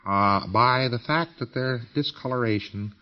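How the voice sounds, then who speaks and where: Male lecturer, mid-pitched, folksy and emphatic, on a muffled lo-fi recording. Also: a little slow. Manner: folksy and emphatic, with slang and repetition. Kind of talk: informal lecture.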